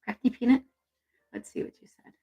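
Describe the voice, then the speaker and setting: A woman's voice: brisk, phone-quality sound. A woman hosting a casual livestream, talking affectionately and chattily to her viewers about intuition. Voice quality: gravelly, husky. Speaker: intuitive reader and livestream host.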